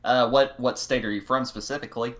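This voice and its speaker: A man's voice: mid-range voice, fairly even intonation, a little fast, a bit bright. A man dropping into a casual podcast chat, hesitant and stumbling over his words. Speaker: guest dropping in.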